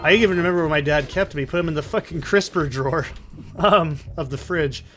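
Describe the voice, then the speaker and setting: Speaking into a desk condenser mic in a soundproofed corner, this man does let's play commentary on a video game, rambling through a long, profane story and cutting himself off with digressions. His voice is slightly high, brisk, and fairly bright, and faint music plays behind him.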